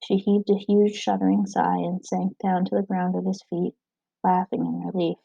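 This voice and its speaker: A woman reading a novel aloud, narrating in a steady, even way. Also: lowish voice, normal speed, vocal fry, breathy edge, no room sound, dull audio. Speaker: audiobook reader.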